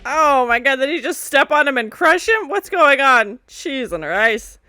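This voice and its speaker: Excitable young woman reacting to a film. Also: sits high, unhurried, over music. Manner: excitable, laughs often, acts out characters. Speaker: movie reaction host. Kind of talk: casual movie reaction commentary.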